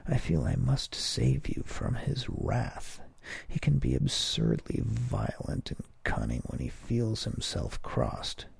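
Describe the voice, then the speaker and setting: Man voicing a conspiratorial woman, whispers close, husky, dry room. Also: medium pitch, wildly swooping pitch, takes it slowly, dry recording, voice pushed up, exaggerated voice. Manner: hushed, breathy whisper.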